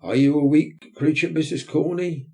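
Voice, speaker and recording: A man's voice: fairly high pitch, steady tone, moderate pace, vocal fry, darkish tone, pitched above the performer's own voice. A man voicing a pompous middle-aged parish beadle who woos in an unctuous, courting manner. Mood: wooing.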